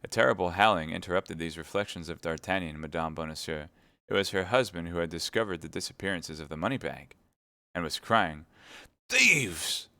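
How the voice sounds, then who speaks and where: A man reading a classic novel aloud on a live stream, steady narration with chatty asides to viewers. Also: low-pitched, fairly quick, dry recording.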